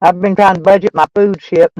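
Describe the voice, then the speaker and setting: A woman's voice: on the low side, steady tone, normal speed, a little mellow, no room sound, low-quality recording. Rambling Texan woman live-streaming. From Texas. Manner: rambling, profane, folksy. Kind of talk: casual live-stream chat.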